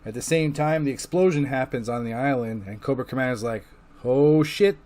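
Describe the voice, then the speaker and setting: A comic book reviewer loosely and casually recaps the comics he's read, his mid-range voice fast and a little mellow. His talk is profane and packed with filler words, and he acts out the quotes.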